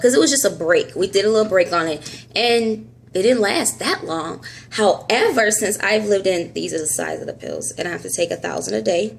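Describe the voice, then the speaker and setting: A woman's voice: lowish voice, vocal fry, slight background noise. A woman vlogging a casual update into a phone held close, telling a story animatedly, acting out dialogue and laughing often. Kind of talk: casual health update vlog. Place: at home.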